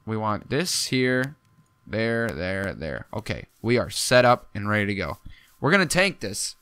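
A young man giving casual gameplay commentary, excitable and jumpy, talking to himself as he plays. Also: on the low side, unhurried, clear, resonant tone, no echo. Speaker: gaming YouTuber.

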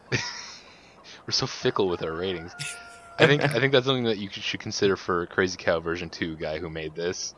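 A man's voice: moderate pace, long pauses, a bit bright. A man co-hosting a gameplay video, chatting casually and laughing often. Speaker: co-host playing a farming game. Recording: muffled low-fi mic with faint hiss.

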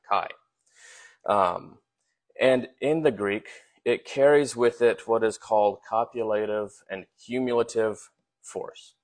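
A man with a fairly low voice preaches a sermon in a relaxed, conversational way. He often stops on fillers and repeats words as he finds his phrasing. He asks his listeners rhetorical questions.

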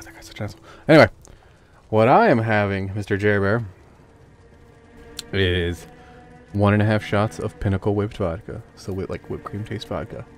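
A young man streaming a game and chatting casually, rambling and swearing while he jokes. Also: lowish voice. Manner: profane, rambling, joking. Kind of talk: casual gameplay chat.

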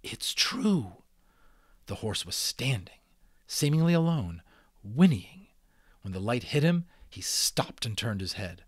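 A man giving a dramatic reading of a children's novel, expressive and adding casual asides. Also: mid-range voice, measured pace, slightly rough, no room sound, clean studio sound. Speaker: audiobook reader.

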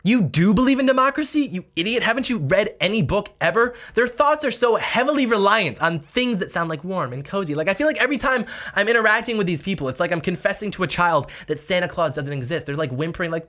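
A man's voice: sits high, sing-song, quick pace, few pauses, fairly bright tone. A man hosting a political opinion vlog, talking in a sarcastic, mocking manner. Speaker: political commentary host.

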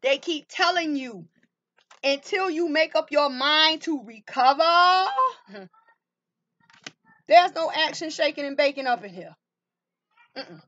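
A tarot reader with a high-sitting, fairly bright voice does a card reading to camera, pressing her points with rhetorical questions and calling viewers baby and honey. The audio comes across dull.

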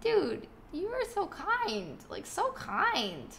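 A woman's voice: very high-pitched, wildly swooping pitch, slow, creaky, fairly bright tone, a little hiss or hum. A woman chatting casually on a live gaming stream, giggly and scattered, often breaking into laughs.

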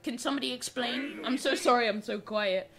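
A young man giving profane, excitable trash-talk commentary over his gameplay, breaking into sudden shouts. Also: very high voice, a little fast, creaky. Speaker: gaming channel host. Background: game music.

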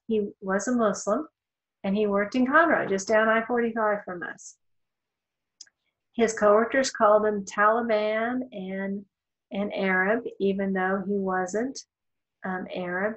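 A woman talks through a law lecture in a relaxed, conversational manner. She drops in wry asides and frequent fillers as she explains. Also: mid-range voice, low-quality recording. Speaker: law instructor. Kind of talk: recorded lecture.

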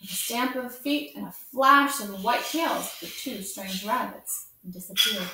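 A woman hosting storytime who reads a children's book aloud in a gentle, expressive way and adds chatty asides. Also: a little high, normal speed, hardly any pauses, slight background noise. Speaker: storytime host. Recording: echoey room, far from mic.

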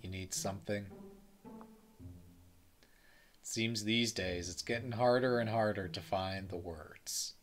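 A man voicing a frail elderly game character who speaks slowly and wearily about leaving this world. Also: faint music behind. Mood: weary. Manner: slow, low and weary. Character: frail elderly man, reflective, ready to die.

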